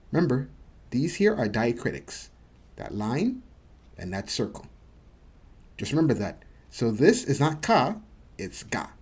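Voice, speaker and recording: A man giving a casual video lesson, patiently repeating each word slowly for practice. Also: medium pitch, darkish tone, breathy edge. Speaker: Japanese teacher.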